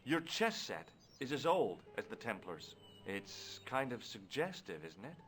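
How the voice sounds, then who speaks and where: A man's voice: mid-range voice, very animated, measured pace, a bit bright, a little hiss or hum. An actor voicing a curious, wry young male adventurer in a video game, talking casually and inquisitively. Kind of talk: video game voice acting with narration.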